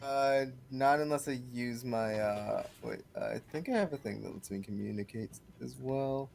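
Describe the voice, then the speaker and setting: A man's voice: medium pitch, moderate pace, vocal fry, darkish tone. A young man playing a tabletop game, thinking aloud and checking rules mid-sentence. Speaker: player. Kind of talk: casual tabletop play.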